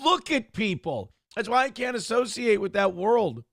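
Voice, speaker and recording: A man's voice: sits high, very animated, moderate pace, vocal fry, a bit bright, dry recording, studio quality. A man hosting a livestream, ranting combatively and sarcastically at his critics, mocking their voices. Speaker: livestream host.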